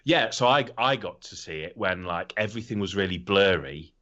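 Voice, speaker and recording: Low, bright-voiced rambling man. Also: moderate pace. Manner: rambling, swears freely, animated. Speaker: podcast co-host. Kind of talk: casual chat. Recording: slightly dull lo-fi audio.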